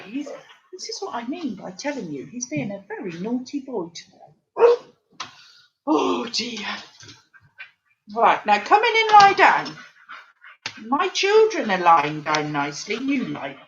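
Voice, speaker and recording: A woman's voice: a little high, a little slow, muffled recording, background noise. A woman reading a picture book to small children, full of gasps and questions to her listeners. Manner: animated, gasping, speaking straight to the children. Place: at home.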